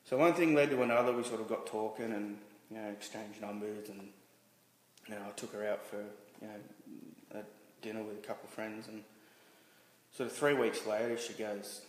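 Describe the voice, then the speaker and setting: A man being interviewed as a guest, telling a personal story candidly, halting and restarting with many fillers. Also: fairly low pitch, steady tone. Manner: halting, frequent restarts and "you know" fillers. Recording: roomy reverberant room with faint noise.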